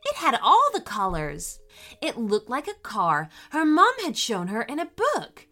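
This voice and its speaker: Animated woman reading a children's story. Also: a little high, a little slow, faint music behind. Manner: animated, expressive. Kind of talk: children's bedtime story narration.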